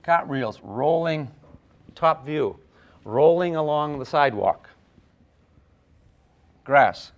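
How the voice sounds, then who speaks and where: An older man teaching a physics class, lively and playful, with sound effects and acted asides. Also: on the high side, takes it slowly, long pauses, muffled recording. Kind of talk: classroom lecture at a whiteboard.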